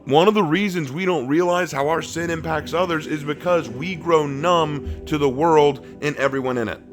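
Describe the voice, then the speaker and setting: A man teaching a Bible study in a sermon style, swinging between emphatic bursts and slow, hushed phrases and acting out the people he quotes. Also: fairly high pitch, over music. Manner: acts out quoted speech with lively shifts in voice.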